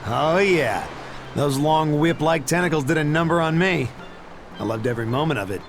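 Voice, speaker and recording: A man's voice: a little high, expressive, normal speed, over music. A man voicing a fisherman villager in a video game, talking matter-of-factly with an odd glee. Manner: matter-of-fact, oddly gleeful. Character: gruff, odd male fisherman.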